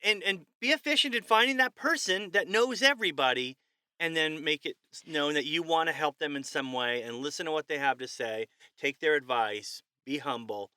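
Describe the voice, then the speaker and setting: Jokey podcast guy, bright tone, lots of playful quoted voices. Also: a little high, moderate pace, clear, resonant tone, no echo, studio quality. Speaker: podcast co-host. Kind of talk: casual chat.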